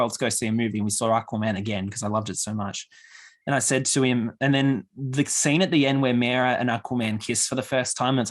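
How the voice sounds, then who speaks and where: A young man on a casual podcast, telling stories with real animation. He slips into quoted voices as he goes, at a middling pitch and an easy talking pace. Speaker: podcast host.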